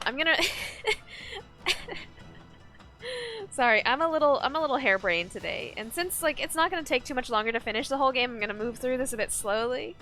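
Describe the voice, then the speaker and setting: A woman's voice: a little high, bright, forceful tone. A young woman chatting casually on a live gaming stream, rambling, ranting now and then and reading chat aloud.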